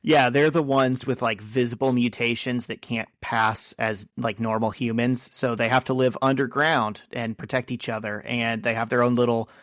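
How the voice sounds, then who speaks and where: A man's voice: medium pitch, fairly even intonation, moderate pace, hardly any pauses, a bit bright, dry recording. A man co-hosting a podcast who adds dry, knowing remarks and explanations in casual chat. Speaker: podcast co-host.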